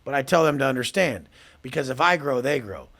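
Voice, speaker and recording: A man's voice: mid-range voice, animated, brisk, fairly bright tone. A man talking as a podcast guest, brash and profane, mocking people as he acts out both sides of past conversations. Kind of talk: casual podcast talk.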